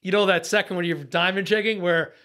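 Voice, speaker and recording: A middle-aged man, slightly high-voiced and brisk, shares a fishing story on a podcast as a guest. Sounding like a boat captain, he swears freely and plays out his own lines from the day, tense and excited, with laughs interrupting the casual, animated storytelling.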